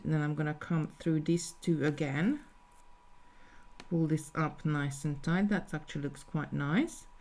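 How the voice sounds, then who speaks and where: Low, gravelly-voiced woman teaching beading. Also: mellow. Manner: thinking aloud, step-by-step instructions. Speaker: jewellery designer teaching beading. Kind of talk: live beading tutorial.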